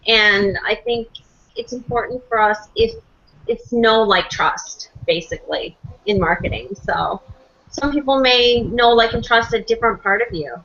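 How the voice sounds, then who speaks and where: A woman with a bright, forceful voice talks on a group call, rambling between thoughts. She leans on "you know" and "like" as she goes. The call audio is dull, with a faint hiss. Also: fairly high pitch, a little slow. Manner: chatty, rambling, many fillers.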